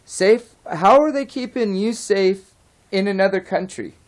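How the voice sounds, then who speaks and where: A man's voice: sits high, animated, moderate pace. A man delivering an unscripted opinion rant as a vlogger, heated and rambling, swearing at times and drifting off track. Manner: swears and apologizes.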